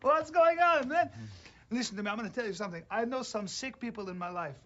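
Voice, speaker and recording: Wild greek-accent wedding chapel nut, yells way up high, muffled film clip. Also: male voice, fast talker. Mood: manic. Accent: put-on Greek. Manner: excitable, shouting, crude. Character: manic middle-aged man running a wedding chapel. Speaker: film character.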